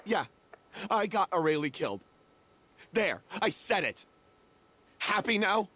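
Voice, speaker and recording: A man's voice: high-pitched, sing-song, unhurried, sharp tone, slight background noise, full character voice. A man voicing a remorseful young theater troupe member in a game cutscene, confessing with guilt and self-reproach. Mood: bitter.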